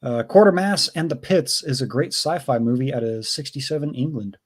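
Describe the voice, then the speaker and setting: A man hosting a casual live stream, reading viewer messages aloud in a relaxed way, with fillers. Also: mid-range voice, brisk, husky.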